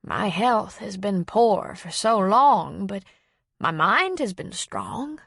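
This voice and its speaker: A woman narrator voicing a frail, forgetful elderly woman who speaks slowly and softly, with a wavering, apologetic manner. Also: medium pitch, very animated, no echo, studio quality, full character voice. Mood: sorrowful. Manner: slow, soft, wavering speech.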